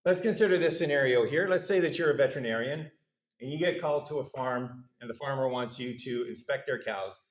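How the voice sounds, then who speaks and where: A man's voice: medium pitch, brisk. A male university lecturer giving a conversational, good-humored lecture, putting questions to the audience in a lecture hall.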